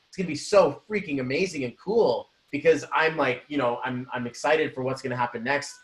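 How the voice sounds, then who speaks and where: A man co-hosting a spiritual business talk, speaking with animated motivational energy. His voice sits a little high for a man. The room around him gives a noticeable echo. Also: a little fast, few pauses. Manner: energetic, acts out quoted voices. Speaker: co-host. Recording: roomy echo.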